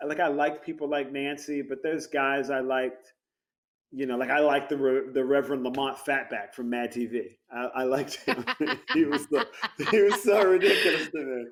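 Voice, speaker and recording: A man's voice: medium pitch, normal speed. A man chatting as a guest actor over a video call, telling stories with lots of laughter. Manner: animated storyteller, laughs often. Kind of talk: casual interview chat.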